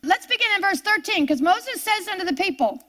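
High bright-voiced woman preaching. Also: fairly quick. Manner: animated, emphatic, voice rises on repeated phrases. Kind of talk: sermon.

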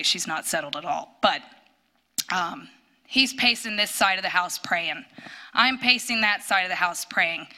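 A woman telling a personal testimony in church, storytelling with animated bursts when quoting. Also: medium pitch. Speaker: church speaker sharing a testimony.

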